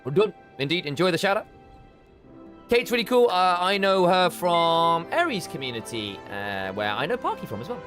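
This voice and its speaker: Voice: mid-range voice, big pitch swings, moderate pace, fairly bright tone, faint music behind. A game streamer chatting casually while playing, thinking aloud and trailing off now and then. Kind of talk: casual live gameplay chat.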